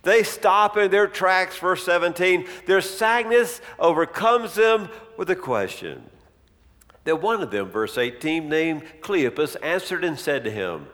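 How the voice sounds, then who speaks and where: A man delivering a sermon in an animated, rhetorical style. His voice sits somewhat high and moves unhurriedly with wide swings of pitch. Long reverb from a large hall trails each phrase. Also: measured pace. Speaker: preacher. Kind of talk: expository sermon.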